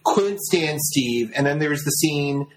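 A man hosting a casual chat who tells a story in an animated way and acts out the scenes. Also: fairly high pitch, a little slow, poor audio.

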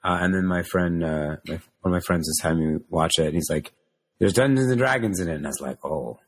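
A man's voice: low voice, quick pace. A man in a casual chat who rambles and hesitates while telling his thoughts.

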